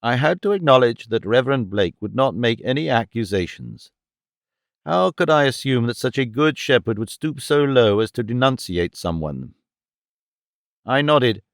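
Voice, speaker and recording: A man narrating a detective story in the first person, even and clear. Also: mid-range voice, normal speed, dry recording, clean studio sound. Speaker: audiobook narrator.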